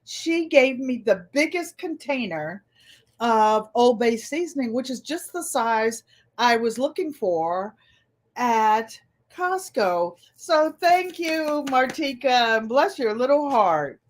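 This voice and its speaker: Slow, chatty older woman host. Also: on the high side, animated. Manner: chatty, storytelling, greets viewers by name. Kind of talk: live stream chat.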